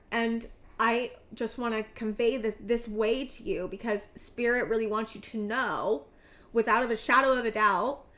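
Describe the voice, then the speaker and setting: A woman in her thirties speaks in a slightly high voice as she gives a heartfelt tarot reading. She is earnest and teary and stumbles over her words, circling back and restarting her sentences as she goes. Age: 30s. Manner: earnest, halting, many restarts and fillers. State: tearful, emotional. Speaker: tarot reader. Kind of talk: emotional intuitive tarot reading.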